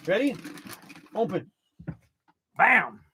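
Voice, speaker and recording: A van-life streamer chats casually on a live stream from a workshop with a dog close by, laid-back and laughing as he calls everyone bro. His high voice is very animated but extremely slow, and the background is noisy.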